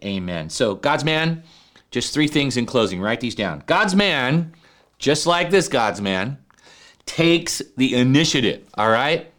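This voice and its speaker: A man preaching a sermon to men, animated, often checking in with "right?" and rising to emphatic high peaks. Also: slow pace. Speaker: pastor.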